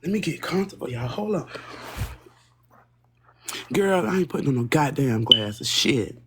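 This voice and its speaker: A woman's voice: a bass voice, expressive, normal speed, noisy background. A woman hosting a live stream, chatting casually and profanely with her viewers and rambling from one thing to the next. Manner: profane, rambling, talks straight to her chat.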